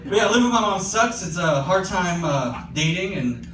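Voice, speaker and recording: A man's voice: high voice, big pitch swings, normal speed, a bit bright, reverberant, distant mic, a little hiss or hum. A young man performing a casual, profane stand-up set, full of fillers and self-deprecation. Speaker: stand-up comedian. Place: comedy club stage with audience laughter.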